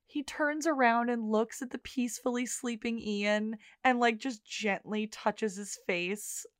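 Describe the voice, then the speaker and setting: Fairly high woman, animated recap chat. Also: no echo, studio quality. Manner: animated retelling, quotes characters in quick bursts. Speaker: podcast co-host.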